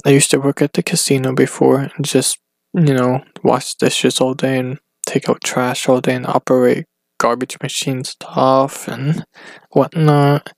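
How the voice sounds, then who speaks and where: A man talking alone on his podcast in a rambling, casual way, halting often and restarting his sentences. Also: mid-range voice, level tone, creaky, no echo. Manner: hesitant, halting, full of restarts and fillers. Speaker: solo podcaster. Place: at home.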